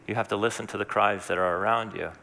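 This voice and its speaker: A man's voice: lowish voice, steady tone, fast talker, vocal fry, pushed and bright, in a large hall. A man preaching a sermon as pastor, talking in a conversational, earnest way with asides and restarts.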